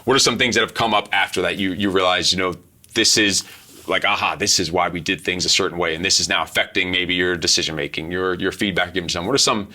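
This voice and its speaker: Fast-talking profane ex-Marine interviewer. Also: male voice, deep voice. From United States. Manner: profane, storytelling, fast and animated. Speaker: interviewer, former Marine instructor. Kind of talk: casual interview.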